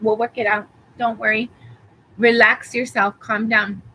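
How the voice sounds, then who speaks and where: A woman giving a tarot reading, calmly reassuring the listener with affirmations and rambling a little as she talks. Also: a little high, a little slow, slight background noise, low-quality recording. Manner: rambling, with fillers and restarts. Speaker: tarot reader. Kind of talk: live tarot reading for a viewer.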